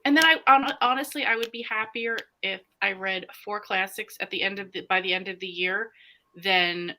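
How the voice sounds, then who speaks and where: Bright-voiced woman hosting a reading stream. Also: medium pitch, normal speed. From American South. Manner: animated, reads viewer comments aloud. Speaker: host of a live reading sprint. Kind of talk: casual livestream chat.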